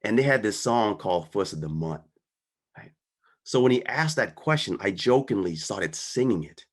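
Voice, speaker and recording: A man's voice: lowish voice, expressive, moderate pace. A man giving a personal storytelling talk in an earnest, conversational way, often checking in with the audience. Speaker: guest speaker.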